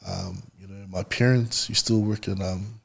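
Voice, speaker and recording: Man, husky, lowish voice, relaxed storyteller, podcast guest. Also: moderate pace. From New Zealand. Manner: relaxed, storytelling, laughs often. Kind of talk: casual conversation.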